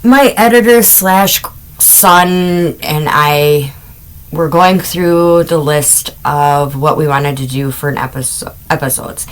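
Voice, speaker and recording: Casting note: middle-aged woman, podcast host, unhurried chatty storytelling, lower voice. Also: low-quality recording. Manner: chatty, wandering asides, amused laughs. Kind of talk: casual true-crime podcast storytelling.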